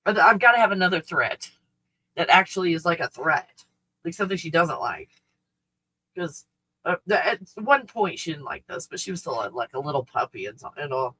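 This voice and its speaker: A woman's voice: lowish voice, lively intonation, moderate pace, bright, forceful tone, breathy edge, low-quality recording. A woman hosting a casual live stream from home, blunt and freely swearing, cooing in baby talk at her dog.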